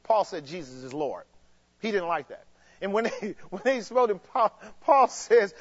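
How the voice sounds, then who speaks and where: A man preaching a sermon in an emphatic, repetitive way that builds to shouts. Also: high-pitched, sing-song, normal speed. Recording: dull lo-fi sound.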